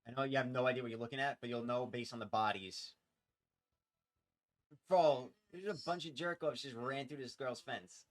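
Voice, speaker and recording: A man, a streamer, telling a story in casual, profane, animated talk. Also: medium pitch, normal speed, no echo.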